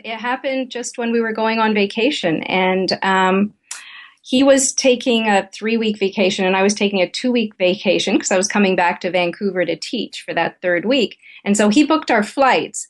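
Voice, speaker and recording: Brief: middle-aged woman, therapist guest, easy conversational storyteller, medium pitch. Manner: candid, conversational anecdote telling. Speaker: guest relationship therapist and author. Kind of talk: interview storytelling.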